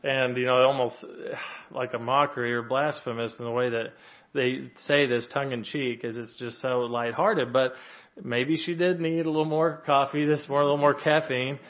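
A man's voice: medium pitch, flat delivery, moderate pace. A man giving an earnest, conversational sermon, speaking plainly with frequent fillers and restarts. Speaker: lay preacher soon to be a pastor. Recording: dull lo-fi recording.

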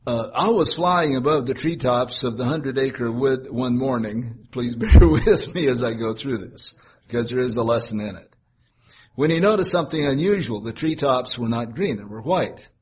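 A man's voice: mid-range voice, animated, moderate pace, breathy edge. A pastor reading a children's story aloud to his congregation, with chatty asides and laughs at himself.

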